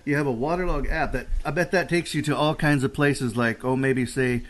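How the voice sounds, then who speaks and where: A man's voice: mid-range voice, a little fast. A man hosting a radio interview, upbeat and easygoing. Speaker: radio host. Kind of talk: casual interview.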